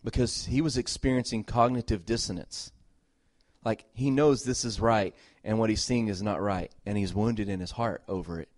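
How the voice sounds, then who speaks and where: A middle-aged man preaching a sermon as a pastor, earnest and emphatic, repeating phrases and moving between loud exhortation and soft, tender talk. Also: lowish voice, moderate pace, no echo, clean studio sound.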